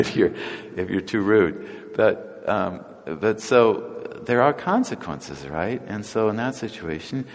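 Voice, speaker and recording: Casual low-voiced male preacher in a reverberant hall. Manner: casual, chuckling, acts out voices of people in the stories. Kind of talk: conversational sermon.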